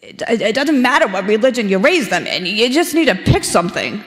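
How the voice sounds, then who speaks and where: A woman's voice: medium pitch, sing-song, a little fast. A woman putting on the voice of an older Jewish man from Brooklyn with a Brooklyn accent, who stammers emphatically, in an echoey church hall. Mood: insistent.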